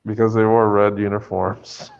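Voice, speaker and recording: A man's voice: on the low side, flat delivery, vocal fry, darkish tone, smooth, highs cut off. A man co-hosting a podcast in casual chat, joking and bantering. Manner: joking, banter-heavy, quick laughs. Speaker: podcast co-host.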